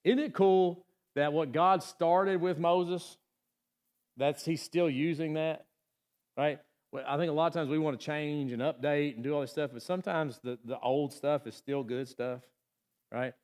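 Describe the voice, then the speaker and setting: A man with a slightly high voice delivers a sermon in a church. He talks the way he would in conversation and keeps checking in with his listeners. Now and then he acts out the people in the story. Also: steady tone, unhurried, darkish tone. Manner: conversational, asks the room "right?" often. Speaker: pastor.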